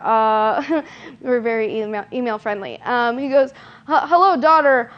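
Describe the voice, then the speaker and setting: Deadpan young woman doing stand-up. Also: fairly high pitch, clean tone. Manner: self-deprecating, deadpan delivery with frequent laughs and filler ums. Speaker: stand-up comedian. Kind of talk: stand-up comedy set. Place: comedy stage. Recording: dull lo-fi live recording.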